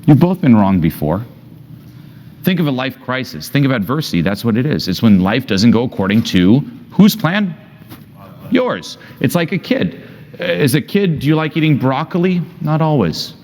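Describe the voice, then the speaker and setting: A man's voice: mid-range voice, very animated, moderate pace, a little mellow, a little hiss or hum. A young man coaching a group, blunt and emphatic, swearing freely and firing rhetorical questions. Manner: asks many rhetorical questions. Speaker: self-help coach. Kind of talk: coaching session.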